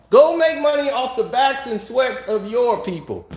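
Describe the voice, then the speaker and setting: A man with a very high voice for a man tears into a heated solo rant from home. He talks bluntly and angrily and keeps throwing out rhetorical questions. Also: expressive, a little slow. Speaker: online commentator.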